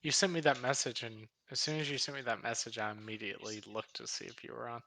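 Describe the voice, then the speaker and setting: A man's voice: mid-range voice, fairly even intonation, fast, creaky, bright, forceful tone, dry recording. A man chatting casually as a guest on a livestream, blunt and teasing. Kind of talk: casual chat.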